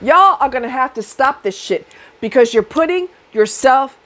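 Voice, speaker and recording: A woman's voice: sits high, normal speed. Sassy, blunt woman giving advice. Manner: sassy, profane, animated, acts out voices of others. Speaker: relationship advice vlogger. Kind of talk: blunt advice monologue to camera.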